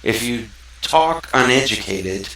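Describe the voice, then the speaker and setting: A man's voice: mid-range voice, animated, slow pace, pushed and bright. A man from Mississippi hosting his own show, talking in an earnest, rambling, conversational way. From South Mississippi, USA. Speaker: show host. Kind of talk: casual talk-show monologue. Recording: echoey room, far from the mic.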